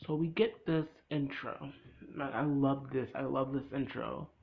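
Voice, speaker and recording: A young man recapping a cartoon episode in a casual, rambling way, full of fillers and quick acted quotes. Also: medium pitch, steady tone, creaky, a little mellow, poor audio.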